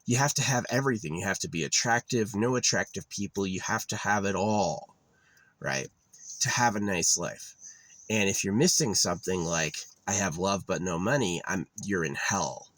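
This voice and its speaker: A man's voice: low-pitched, normal speed, fairly bright tone, no echo. A young man vlogging in a rambling, digressive monologue that drifts into rants, full of fillers.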